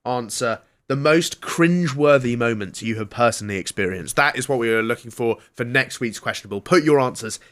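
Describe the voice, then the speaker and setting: A man's voice: medium pitch, fairly quick, hardly any pauses, a bit bright. A man hosting a comedy radio show, reading mock news in a jokey newsreader manner. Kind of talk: comedic retro radio banter.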